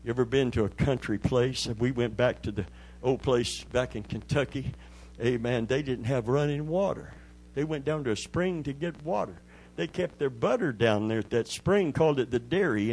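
A man's voice: mid-range voice, moderate pace, a little mellow, breathy edge, rough recording. A man preaching a sermon as pastor, telling folksy stories with call-and-response asides.

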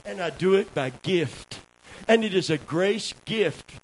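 A man preaching a sermon, dropping low for asides and rising to loud shouts while calling for amens. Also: expressive, measured pace, rough recording. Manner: calls for amens from the congregation. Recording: faint hiss.

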